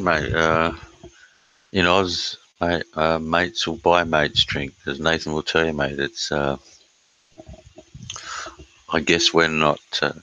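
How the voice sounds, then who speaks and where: A middle-aged Australian man chatting casually on a live stream, reading chat aloud, blunt and sweary with many filler pauses. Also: very deep voice, sharp tone, dry recording, rough recording.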